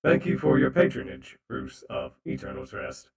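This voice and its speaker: A man's voice: extremely low pitch, big pitch swings, moderate pace, vocal fry, voice pushed down, exaggerated voice. A man voicing a stiff, overly literal male rock construct bartender through a robot voice filter, speaking formally.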